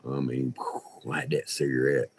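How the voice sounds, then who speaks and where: A man, telling a rambling, profane story in a folksy, animated way. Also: extremely low pitch, normal speed, creaky, background noise. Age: 60s. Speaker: vlogger. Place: indoors by a window.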